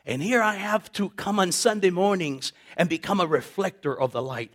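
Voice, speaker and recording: A middle-aged man preaching a sermon as pastor, impassioned, repeating phrases and swelling suddenly in volume and pitch. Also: expressive, moderate pace, few pauses.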